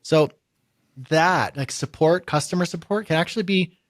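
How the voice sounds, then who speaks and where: A man's voice: fairly high pitch, moderate pace, no room sound, clean studio sound. A Canadian man co-hosting a podcast, chatting casually and playfully. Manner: playful, mimics phone menus in jokey voices. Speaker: podcast co-host.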